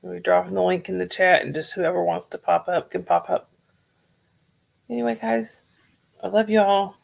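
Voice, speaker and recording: A woman from Georgia, chatting softly and rambling on a livestream while losing her voice. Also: fairly low pitch, steady tone, normal speed, creaky. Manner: soft-spoken, rambling, talks to chat viewers by name. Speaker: livestream host. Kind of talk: casual livestream chat.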